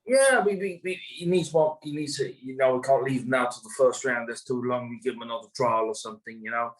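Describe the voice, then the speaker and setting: A greyhound trainer talks casually in an interview, rambling with many fillers and restarts. His medium-pitched voice is brisk, and the recording quality is low.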